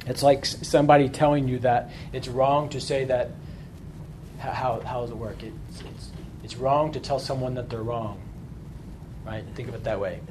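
A man's voice: mid-range voice, steady tone, normal speed, noisy background. A man leading a Bible study, explaining informally and often checking in with a rhetorical "right?". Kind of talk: conversational Bible study lesson.

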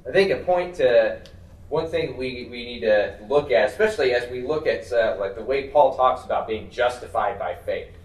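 A man's voice: mid-range voice, moderate pace. A man leading a Bible study discussion, thinking aloud with many fillers and restarts as he teaches the group. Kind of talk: conversational teaching. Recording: roomy, distant mic, faint background noise.

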